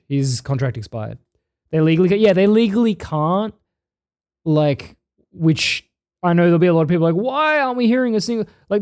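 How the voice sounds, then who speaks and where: An Australian man runs a live stream, reading chat messages aloud and answering them in a loose, blunt way. His voice sits slightly high for a man yet sounds dark and mellow. He swears casually as he talks.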